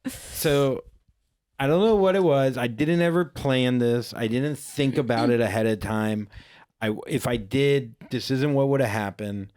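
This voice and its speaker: A man's voice: mid-range voice, unhurried, a little mellow. A man in his thirties co-hosting a podcast, telling a story in casual chat, joking and swearing, now and then slipping into goofy voices. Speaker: podcast co-host.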